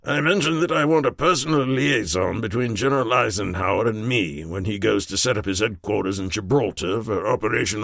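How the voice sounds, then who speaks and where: A man voicing a gruff, commanding aging British prime minister in an audiobook. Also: mid-range voice, fairly bright tone, no echo, clean studio sound.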